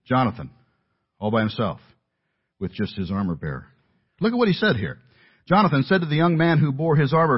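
A man's voice: mid-range voice, very animated, a little fast, pauses often, husky. A man preaching an earnest sermon, stressing key points and building to emphatic peaks. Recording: dull lo-fi audio.

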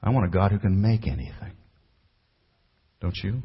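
Low husky preacher guy, loud peaks then quiet drops, church echo, kinda dull lo-fi sound. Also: expressive, moderate pace. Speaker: pastor. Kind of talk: sermon. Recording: muffled recording with long hall reverb.

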